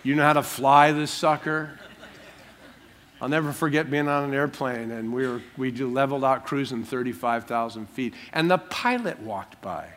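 A man's voice: mid-range voice, normal speed, fairly bright tone, slight background noise. A man preaching a sermon in church, talking in a humorous, conversational way with everyday stories. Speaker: pastor.

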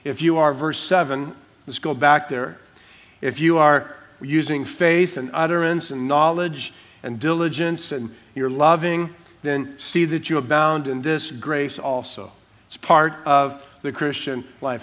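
A man preaching an expository sermon as pastor, emphatic, slowing down to stress key words. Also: fairly high pitch, steady tone, a bit bright.

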